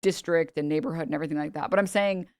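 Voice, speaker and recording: A lowish-voiced woman from the United States talks to her stream in a loose, chatty way. She is blunt and swears freely as she reacts to videos. The sound is close and dry, with no room around it. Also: very fast, darkish tone, clear, resonant tone, dry recording. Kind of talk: casual reaction stream chat.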